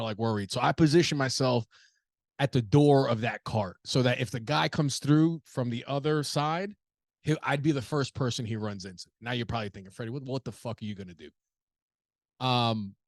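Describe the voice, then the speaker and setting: A man's voice: mid-range voice, no room sound, studio quality. A man telling a rambling, profane story in a casual podcast monologue, full of restarts. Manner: profane, rambling, animated anecdote with many restarts. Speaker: podcast host.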